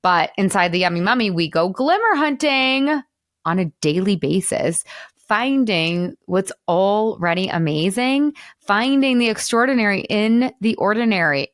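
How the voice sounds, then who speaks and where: A woman in her thirties hosting a podcast, talking in an animated, emphatic way and at times near tears. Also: medium pitch, no room sound, studio quality. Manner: animated, emphatic, tearful at moments. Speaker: podcast host. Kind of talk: emotional podcast monologue.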